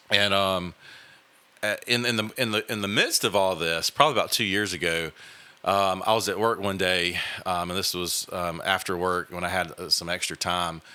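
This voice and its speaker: A podcast host tells a personal story in a casual, earnest way, with many fillers and restarts. His deep voice is smooth, though pushed and bright.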